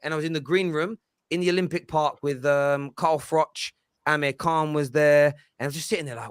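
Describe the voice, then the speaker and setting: Man, London accent, Cockney with slang, football panel host, slightly high voice, dry close sound. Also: fairly quick, fairly bright tone, no echo. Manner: chatty, swears freely, laughs at himself. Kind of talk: casual panel chat.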